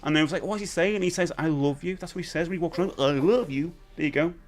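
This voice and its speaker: A British man in his forties hosting a casual live stream, animated, jumping between excited high bursts and low mutters. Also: quick pace. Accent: British English. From United Kingdom. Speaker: livestream host.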